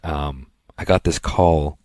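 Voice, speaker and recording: A man co-hosting a podcast, telling long rambling anecdotes in a casual chat and slipping into quick impressions of other people. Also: rumbling low, steady tone, darkish tone, dry recording. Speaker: podcast co-host.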